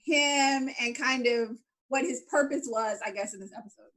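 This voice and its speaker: Bright high-voiced woman chatting. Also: moderate pace. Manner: animated, laughs often, quotes reactions. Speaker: podcast co-host. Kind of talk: casual recap chat.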